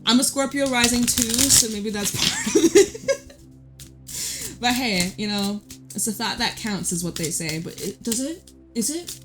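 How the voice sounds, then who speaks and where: A woman's voice: fairly high pitch, big pitch swings, a little slow, over music. Chatty woman reading tarot. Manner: chatty, swearing, laughing asides. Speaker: tarot reader. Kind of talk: casual tarot reading to camera.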